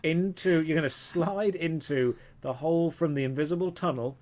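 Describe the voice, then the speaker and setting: A man narrating a tabletop game as dungeon master, in a measured storytelling manner. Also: fairly high pitch, a little mellow.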